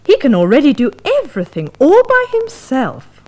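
A proud, chatty mother in a comic sketch for language learners. Her voice sits a little high and moves lively. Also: moderate pace.

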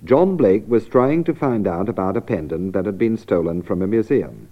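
Narrador grave e didático de aula de inglês. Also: male voice, fairly low pitch, lively intonation, highs cut off. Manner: clear, deliberate, repeating for emphasis. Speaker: narrator and presenter of an English lesson. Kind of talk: scripted narration for language learners.

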